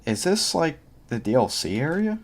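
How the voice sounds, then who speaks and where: A man's voice: a little high, very animated, normal speed. A young man livestreaming a game, chatting casually and thinking aloud, with lots of filler words as he plays. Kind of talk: casual gameplay commentary.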